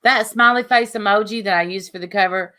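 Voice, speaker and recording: A woman's voice: mid-range voice, fairly quick. A woman hosting a livestream in casual, rambling chat with lots of asides. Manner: chatty, rambling, lively asides. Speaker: livestream host.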